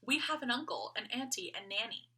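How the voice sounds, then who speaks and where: A woman's voice: a little high, a little fast, pushed and bright, slightly rough, voice pushed up, full character voice. A woman voicing an eager, easily offended young boy doll in a storybook read-aloud. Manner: eager, indignant.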